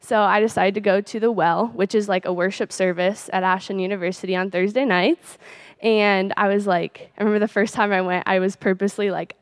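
A woman's voice: mid-range voice, brisk, clean tone, no echo. A teenage girl sharing a personal faith testimony in a chatty way, full of "like" and little laughs. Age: late teens. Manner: chatty, peppered with "like" and soft laughs.

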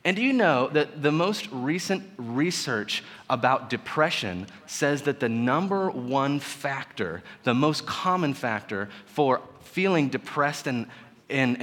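A man in his thirties preaching a sermon, conversational and joking, with sudden loud emphasis. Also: mid-range voice. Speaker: pastor. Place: church sanctuary. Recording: long hall reverb.

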